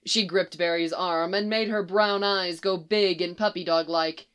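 A woman narrating a story aloud in a steady, lightly acted reading. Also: lowish voice, a little slow, clean tone.

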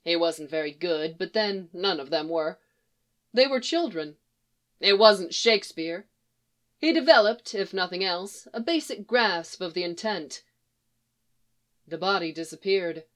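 Woman calmly narrating a story. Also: fairly low pitch, a little slow, pauses often. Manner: calm storytelling reading with quoted dialogue.

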